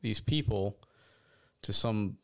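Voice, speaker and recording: A man co-hosting a casual talk show, speaking in a measured, hesitant way and often restarting his phrases. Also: on the low side. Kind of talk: casual commentary chat.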